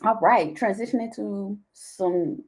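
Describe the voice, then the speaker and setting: A woman's voice: medium pitch, takes it slowly, darkish tone. A woman hosting a podcast interview, affirming her guest and talking to viewers in casual chat. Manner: affirming, fillers and restarts. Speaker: podcast host.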